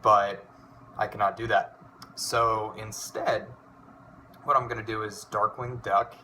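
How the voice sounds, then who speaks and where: A man's voice: on the low side, steady tone, measured pace, sharp tone, a little hiss or hum. A man in his twenties chatting casually in a vlog, rambling and swearing with lots of fillers. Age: 20s. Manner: rambling, profane, many fillers. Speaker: hobby voice impressionist.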